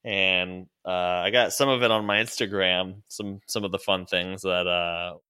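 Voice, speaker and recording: Bright-voiced young man telling stories. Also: sits low, a little slow, clear, resonant tone. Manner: animated storyteller, swears freely, mimics people he quotes. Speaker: guest telling a story. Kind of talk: casual podcast chat.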